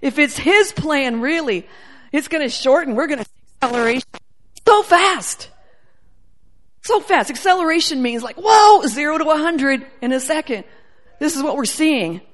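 A middle-aged woman preaching a charismatic sermon, fervent and emotional, building to near-shouts with her voice breaking. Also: high voice, animated, normal speed.

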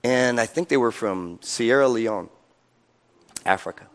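A male pastor preaching a sermon in an animated, conversational way, chuckling often as he tells stories. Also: mid-range voice, unhurried. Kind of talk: sermon storytelling.

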